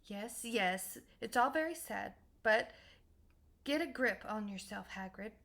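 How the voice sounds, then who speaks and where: A woman reading a storybook aloud, voicing a stern, brisk older female professor with a clipped, scolding way of talking. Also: mid-range voice, expressive, gravelly, fairly bright tone. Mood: impatient.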